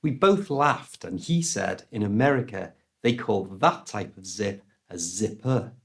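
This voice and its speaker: A man with a British accent teaches English through a story told straight to the viewer. He speaks slowly and carefully, with a voice that moves lively between high and low notes. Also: vocal fry. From United Kingdom. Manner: slow, deliberate delivery with lively ups and downs. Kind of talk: storytelling lesson to camera.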